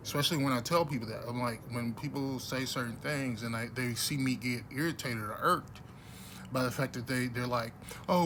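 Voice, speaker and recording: A man talking bluntly and casually to camera in a rambling monologue, with many restarts, growing louder and heated at times. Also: mid-range voice, a little hiss or hum. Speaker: vlogger.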